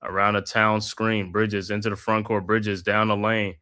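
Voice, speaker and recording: Man calling play-by-play, bright tone. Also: on the low side, normal speed. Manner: steady play calls, casual slang asides. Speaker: host. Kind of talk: live play-by-play commentary.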